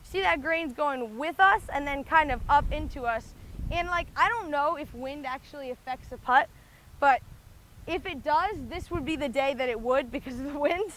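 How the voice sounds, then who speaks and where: On a windy golf course, a woman vlogger thinks aloud as she plays, chatting casually and slightly out of breath, with frequent "likes" and do-overs. She speaks at a moderate pace in a high, fairly bright voice.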